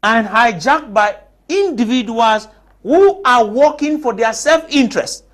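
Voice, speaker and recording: Panelist, male, high voice, emphatic debater who leans on rhetorical questions in a TV studio. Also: lively intonation, unhurried, fairly bright tone. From Cameroon. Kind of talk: TV panel discussion.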